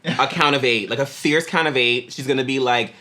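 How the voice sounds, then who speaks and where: A man in a pop group hosting a reaction video, chatting casually in a slangy, animated way. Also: medium pitch, brisk. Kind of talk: casual chat.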